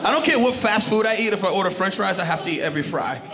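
A man's voice: sits high, very fast, background noise. A man doing a stand-up comedy set, telling stories and acting out what people said. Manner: animated storytelling, acting out quotes. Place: comedy club stage before a live audience. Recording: live club recording with loud crowd.

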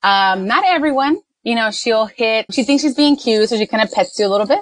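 A woman's voice: on the high side, animated, brisk, dry recording. A woman on a mom podcast, telling a family story in casual chat and slipping into Spanish phrases. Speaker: podcast co-host, mother.

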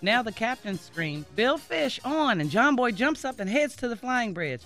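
A man's voice: high voice, big pitch swings, moderate pace, over music. A man on a morning radio show reading out a listener's comic letter, laughing as he goes. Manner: laughing through a comic story.

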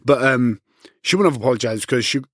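Guy with a husky voice telling a story, swears a lot, blunt, dry close mic. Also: mid-range voice, expressive, fast talker, dry recording. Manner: blunt, swears freely, acts out quoted exchanges. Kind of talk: casual chat, storytelling.

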